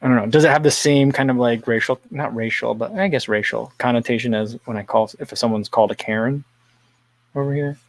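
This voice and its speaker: A man chatting casually on a livestream, reading out viewer comments and rambling between them with frequent small chuckles. His voice sits at an ordinary middle pitch and sounds close and dry, with no room around it. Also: a little fast, dry recording. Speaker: livestream host.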